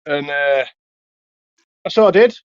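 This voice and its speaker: A man's voice: a little high, takes it slowly, smooth, no room sound, muffled recording. A young Yorkshire man, a podcast co-host, telling a casual story and swearing freely. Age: young adult. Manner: swears freely, lively anecdotes.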